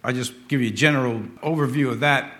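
A middle-aged man preaching a sermon as pastor of a church, emphatic, swinging from loud, drawn-out lines to hushed asides. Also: medium pitch, steady tone.

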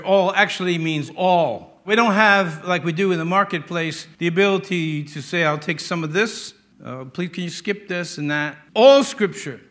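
An older man preaching a sermon as a pastor, emphatic and drawing out key words slowly for stress. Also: fairly high pitch, sharp tone.

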